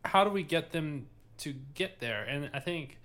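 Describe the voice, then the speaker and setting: A man's voice: a little high, animated, moderate pace, fairly bright tone. A young man hosting a podcast, talking thoughtfully and casually, searching for words and laughing easily. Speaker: podcast host. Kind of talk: casual chat.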